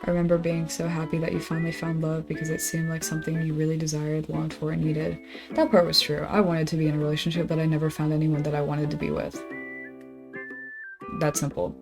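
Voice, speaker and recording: A woman's voice: low-pitched, quick pace, vocal fry. A young woman streamer chatting casually on a study stream, swearing freely as she tells a story and reads messages aloud. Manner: swearing, animated storytelling, reading emails aloud. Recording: faint background music. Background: soft guitar game music.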